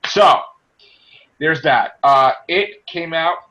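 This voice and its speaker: A man's voice: on the high side, slow pace. Chatty man on a lo-fi podcast. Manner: animated, mimics people in quotes, self-described corny joker. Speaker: podcast co-host. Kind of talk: casual chat.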